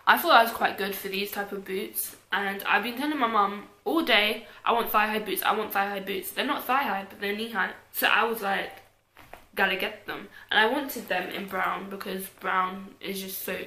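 A woman's voice: medium pitch, bright, forceful tone, a little hiss or hum. Chatty young British woman, echoey room. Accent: British English. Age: young adult. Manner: chatty, self-mocking, trailing off into mutters. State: tired. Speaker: YouTuber. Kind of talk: casual clothing haul.

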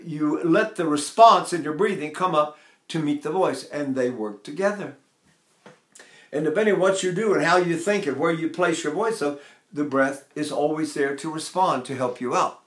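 A man's voice: fairly high pitch, normal speed, echoey room. An older man teaching vocal technique, asking rhetorical questions and breaking into short sung vowels to demonstrate.

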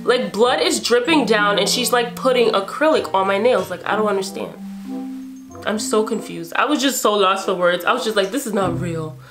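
A young woman telling a storytime vlog in casual, slangy speech, re-enacting what people said with lively exclamations. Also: mid-range voice, moderate pace, music in the background. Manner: animated, re-enacts dialogue with exclamations. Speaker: vlogger.

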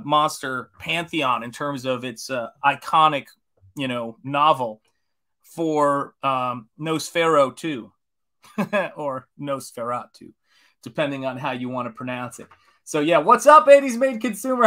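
Bright-voiced, enthusiastic man in his forties. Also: fairly high pitch. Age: 40s. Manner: enthusiastic, greets chat viewers, rambling asides. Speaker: comic artist streaming live. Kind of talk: casual live-stream chat while painting.

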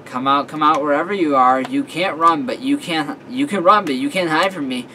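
A man's voice: mid-range voice, normal speed, sharp tone, slight background noise, lightly acted. A man voicing a playful, teasing teenage girl who is the narrator's best friend, in a read-aloud story. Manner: taunting, sing-song.

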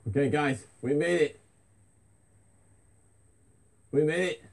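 A man's voice: fairly high pitch, a little fast, vocal fry. A man hosting a comedic vlog, hyped and out of breath, repeating himself as he walks outdoors. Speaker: parody vlogger host. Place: outdoors on a busy street. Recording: loud street noise.

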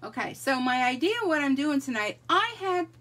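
A woman's voice: sits high, very animated, normal speed, a bit bright, distant mic. A middle-aged woman hosting a live crafting stream, chatting casually and greeting viewers by name. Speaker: livestream crafting host.

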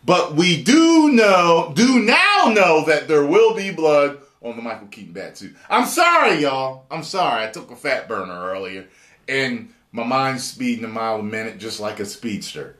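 A man giving excited, profane, rambling video commentary and reading an article aloud. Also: medium pitch, moderate pace. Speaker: YouTube commentator. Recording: roomy echo.

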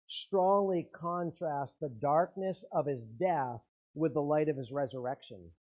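A man's voice: a little high, animated, takes it slowly, slightly rough, highs cut off. A man preaching a sermon as pastor, earnest, his intensity rising and falling.

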